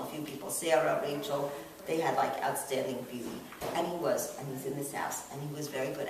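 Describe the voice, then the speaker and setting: A woman with a low voice gives a relaxed Torah class to a group of women, talking casually and checking in with her listeners. The recording is very echoey, taken from across the room, with a faint hiss underneath. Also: distant mic. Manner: chatty, asks the group questions, frequent "you know". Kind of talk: informal religious class talk.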